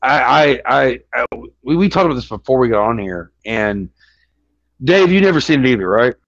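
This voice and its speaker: A man's voice: mid-range voice, animated, normal speed, vocal fry, a bit bright, dry recording. A man co-hosting a podcast in casual chat, rambling with many restarts and constant swearing. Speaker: podcast co-host. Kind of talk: casual chat about movies. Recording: dull lo-fi sound.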